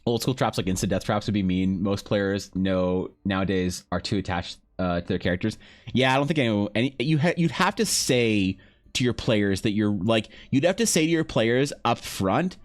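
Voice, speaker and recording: A man streaming live, telling a story in casual talk. He swears freely, laughs often, and swings between loud bursts and low, muttered asides. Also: expressive, moderate pace, soft background music. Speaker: livestreaming artist.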